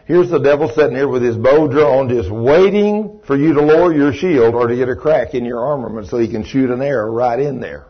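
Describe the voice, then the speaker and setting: A man's voice: mid-range voice, brisk, few pauses, breathy edge, lo-fi sound. A man preaching a sermon to a live congregation, telling folksy stories and asking the audience questions.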